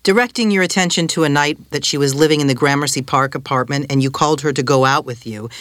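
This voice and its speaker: An actor reading a prosecutor's questions to a witness in a courtroom reenactment, formal and measured. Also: male voice, a little high, fairly bright tone, dry recording, close to an everyday voice.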